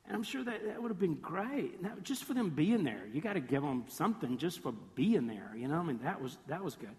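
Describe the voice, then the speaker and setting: A man with a high, light voice delivers a sermon with lively storytelling and playful sarcasm. He acts out the voices of the people in his story. His words ring out with a long reverb, as if he were in a large hall. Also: fairly quick, hardly any pauses. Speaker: preacher.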